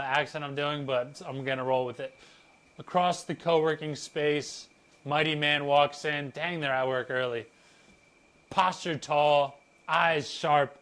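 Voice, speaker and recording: A man's voice: medium pitch, fairly bright tone. A man, a fitness content creator, reading a story aloud with playful, chatty asides. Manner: playful, chatty, laughing at his own reading.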